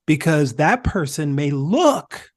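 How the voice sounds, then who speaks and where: A man speaking as a podcast guest, telling stories in an emphatic, animated way. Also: fairly high pitch, takes it slowly, no room sound, studio quality. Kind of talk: conversational discussion.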